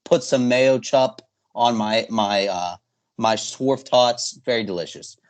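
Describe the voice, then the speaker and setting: Here a young man with a slow, mid-range voice hosts a podcast. The talk is loose and casual, with lots of fillers, hesitations and half-finished thoughts as he rambles along.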